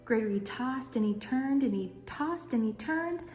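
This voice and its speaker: A woman librarian leading a children's story time, reading a picture book aloud in a lively way. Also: high-pitched, normal speed. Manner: animated, cheerful with children. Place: in front of a green screen. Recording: roomy echo, faint music.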